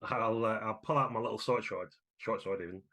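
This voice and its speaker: A man playing a halfling character in a tabletop game, playful and quick to laugh. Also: lowish voice, sharp tone. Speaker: player. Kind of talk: describing his halfling character.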